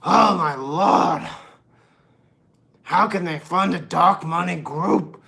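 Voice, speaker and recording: A man voicing a whiny, crying male Republican caricature in a high, sobbing voice whose accent keeps shifting, mocking and exaggerated. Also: slow, vocal fry, pushed and bright, full character voice.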